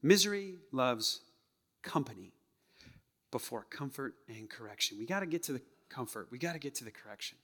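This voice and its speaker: A male pastor preaching a sermon, acting out tones of voice and sometimes dropping to a hush. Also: mid-range voice, moderate pace, in a large hall. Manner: animated, acts out tones of voice, drops to a hush. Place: church sanctuary.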